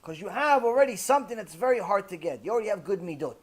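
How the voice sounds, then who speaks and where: An insistent young wife spurring her husband onward, as a man puts her on. She presses and encourages in a high voice. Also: animated, fast talker, slightly rough. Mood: urging.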